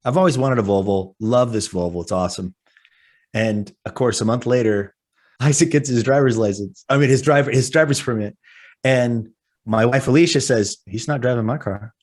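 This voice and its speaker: Animated storytelling man, podcast co-host. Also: medium pitch, moderate pace. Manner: animated storyteller, acts out his own panicked lines. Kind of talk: casual podcast chat.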